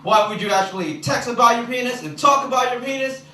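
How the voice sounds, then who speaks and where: A young man from the Philippines doing an animated stand-up set with crowd work, shouting some punchlines. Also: extremely high pitch, fast. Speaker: stand-up comedian. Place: comedy club stage. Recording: echoey club recorded from far off with noise.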